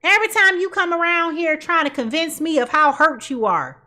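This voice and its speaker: A woman's voice: very high-pitched, lively intonation, moderate pace, pushed and bright. A woman giving a casual tarot reading in a blunt, sassy way and laughing at her own jokes. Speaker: tarot reader.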